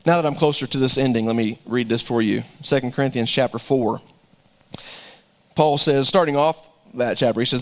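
A man, a pastor, preaching a folksy, animated sermon, joking now and then and repeating words as he goes. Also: medium pitch, moderate pace.

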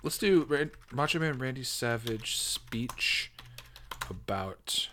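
A man hosting a show, chatting casually and reacting with excited laughs and swearing as he types prompts. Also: medium pitch, takes it slowly, slight background noise. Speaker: podcast host. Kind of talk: casual commentary while typing prompts.

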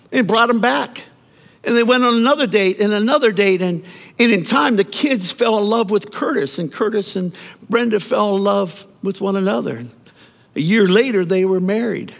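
Male pastor, high and very animated, mid-sermon storyteller; long hall reverb. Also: normal speed, vocal fry. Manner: animated storytelling preacher with repeated words.

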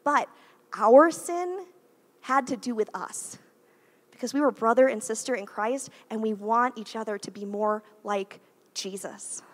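An unhurried woman in her thirties with a fairly high pitch gives a conversational sermon as a church's guest preacher. She's chatty throughout, leaning often on "like" and "right?"

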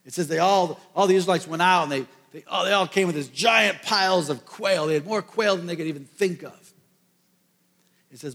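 A man preaching a sermon to a congregation, telling a Bible story with lively asides and jokes. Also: high-pitched, fairly quick, big-room sound. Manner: animated storytelling, jokey asides. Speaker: pastor.

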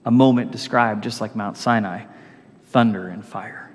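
A man preaching a sermon, telling stories with animated swings between loud and hushed delivery. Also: on the low side, moderate pace, breathy edge, big-room sound. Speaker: pastor.

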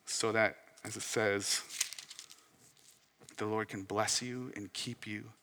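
A young man preaching a sermon as pastor, rising to loud emphatic peaks and dropping to soft hushed asides. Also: on the low side, level tone, slow pace, big-room sound, a little hiss or hum.

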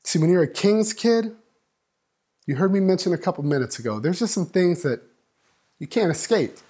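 A man preaching a sermon, building up and dropping to a hush, acting out voices in the story. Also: high voice, expressive, normal speed, husky. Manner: dynamic preaching, swings from loud to hushed. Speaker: pastor.

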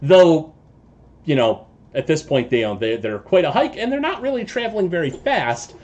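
Game master guy, lots of uhs, pitch swings all over. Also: big pitch swings, a little mellow, lo-fi sound. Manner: halting, many filler sounds. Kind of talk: narrating a tabletop game.

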